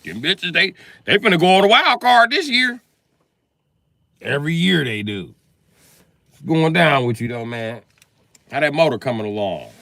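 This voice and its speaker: A male comedian telling profane comic stories in a live monologue, acting out both sides of conversations and breaking into loud shouts. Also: sing-song, moderate pace, pauses often, no echo, studio quality. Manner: jumps to loud high shouts when acting out scenes.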